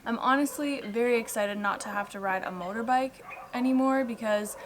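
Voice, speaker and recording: Indoors in a Bali house, a hot, sweaty young woman chats upbeat to her camera about her day, peppering it with "like." Her voice is a little high at normal speed, with a noisy background, and the room is echoey with faint ambience.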